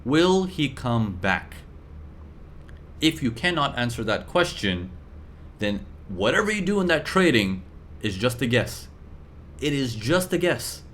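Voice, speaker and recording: Lively man teaching a trading class. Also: mid-range voice, measured pace, pauses often, slight background noise. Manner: lively, acts out traders' voices. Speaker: trading mentor. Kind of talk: live classroom lecture.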